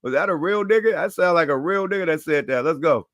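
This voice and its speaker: A man's voice: fairly high pitch, animated, fast talker, a bit bright, dry recording, studio quality. A man hosting a live stream, reacting to clips in loose, profane casual talk. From US West Coast. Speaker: host.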